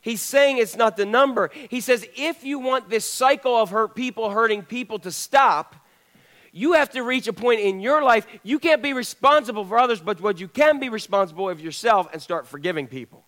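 A man's voice: very high voice, normal speed, fairly bright tone. A male pastor preaching a sermon in a conversational way, putting questions to the congregation.

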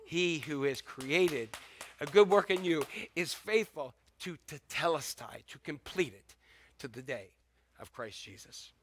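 A man preaching a sermon as pastor, swinging between loud urgent exhortation and hushed, intimate lines. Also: a little high, expressive, unhurried, slight background noise. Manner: repetitive emphatic exhortation.

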